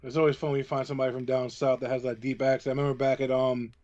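A man's voice: mid-range voice, level tone, rapid-fire, darkish tone. Profane male co-host, dull lo-fi sound. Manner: swears a lot, rambling stories. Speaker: podcast co-host. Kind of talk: casual chat.

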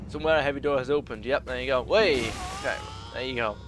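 A man's voice: medium pitch, fast, over music. A young man talking through a video game, chatting to the enemies and muttering asides. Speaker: gaming YouTuber. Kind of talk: let's play commentary.

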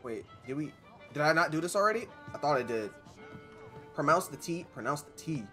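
A man's voice: on the high side, big pitch swings, fast talker, pushed and bright, soft background music. A man streaming a video game, rambling and joking with his chat in casual commentary. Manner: rambling, jokey, talks to chat.

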